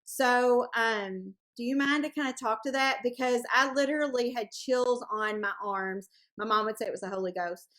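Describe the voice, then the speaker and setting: A woman's voice: fairly high pitch, moderate pace, hardly any pauses, fairly bright tone. A woman hosting a support group meeting over a video call, chatty and playful as she rambles through updates. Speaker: group host. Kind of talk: casual chat.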